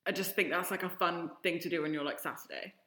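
A woman co-hosting a podcast in casual chat, making quick asides and laughing often. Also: fairly low pitch, fairly even intonation, echoey room, background noise. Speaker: podcast co-host.

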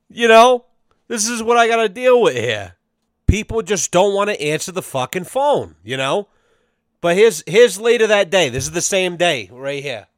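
A man hosts a casual podcast, swearing freely and telling stories with a sarcastic edge. His voice sits a little high. The sound is dry and close to the microphone. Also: very animated, normal speed, dry recording. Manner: profane, sarcastic storytelling. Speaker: podcast host.

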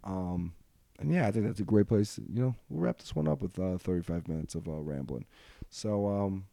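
A man's voice: low-pitched, moderate pace, gravelly, warm tone, dry recording. A man in his twenties hosting a solo podcast, talking casually and rambling with lots of ums and uhs. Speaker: podcast host.

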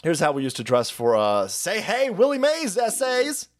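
Profane high-pitched ranting male streamer. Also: huge pitch swings, normal speed. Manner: loud, profane, mocking, swings between shouts and mutters. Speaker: political stream host. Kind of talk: ranting live-stream commentary.

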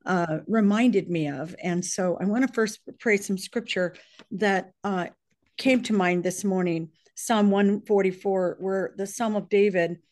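A middle-aged woman praying aloud with fervor, her voice choked up and close to tears. She reads scripture and song lyrics with mounting intensity, earnest and heartfelt, at a middle pitch. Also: a little mellow. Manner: fervent, emotional, builds in force when reading lyrics. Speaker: prayer leader on a briefing call. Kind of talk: earnest spoken prayer and scripture reading.

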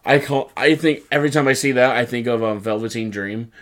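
A man at a medium pitch co-hosts a casual chat that recaps wrestling shows. He talks with animation and keeps slipping into put-on voices to act out what the wrestlers said. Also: fairly quick, a bit bright. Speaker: podcast co-host.

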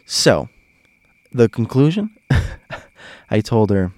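A man hosting a podcast speaks at a measured pace in a fairly low, darkish voice with lively intonation, pausing often. He tells stories casually and animatedly to his listeners, chuckling frequently, and the recording has no room sound.

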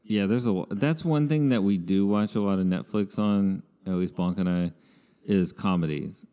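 A man's voice: low-pitched, moderate pace, warm tone, smooth, big-room sound. A man hosting a podcast in casual chat, rambling with many fillers. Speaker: podcast host.

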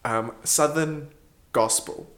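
A woman's voice: deep voice, slow pace. A woman co-hosting a podcast in casual chat, searching for words with frequent "like" fillers. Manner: hesitant, many "like" fillers. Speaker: podcast co-host.

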